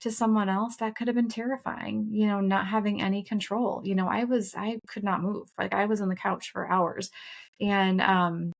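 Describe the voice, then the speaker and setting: A woman's voice: mid-range voice, steady tone, normal speed, vocal fry. A middle-aged woman co-hosting a casual podcast conversation, speaking in an earnest, reflective and candid way, with some profanity. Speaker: podcast co-host.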